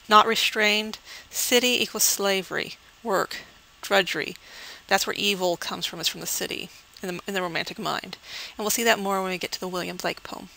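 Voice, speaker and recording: A woman's voice: medium pitch, vocal fry, pushed and bright, rough recording. A woman English professor giving a recorded poetry lesson, explaining terms step by step and checking in with "okay". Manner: reads the poem slowly and measured.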